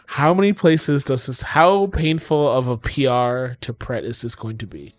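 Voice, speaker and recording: A man's voice: mid-range voice, normal speed, no echo, soft background music. A man streaming his game coding in casual talk, exasperated, swearing often and talking to his chat.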